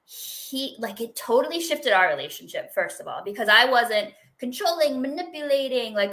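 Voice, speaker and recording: Woman, middle-aged, interview guest, bright high voice, chatty, expressive. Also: normal speed, hardly any pauses. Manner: chatty, expressive, lots of "like" and laughs. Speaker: guest sharing a healing story. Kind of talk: casual interview conversation.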